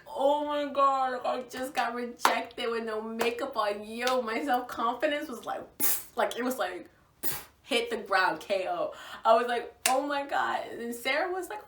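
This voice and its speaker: A woman's voice: high voice, moderate pace, a little hiss or hum. Young woman, casual storytelling, acts out quotes, roomy echo, set back from the mic. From Virginia, USA. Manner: animated, gushing, acts out quotes. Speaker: vlogger. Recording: echoey room, voice from far off.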